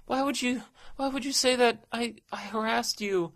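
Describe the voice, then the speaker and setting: A woman's voice: on the high side, moderate pace, no echo, studio quality. A young woman in a solo audio role-play, speaking in a hesitant, stammering, pleading way and often dropping to a whisper.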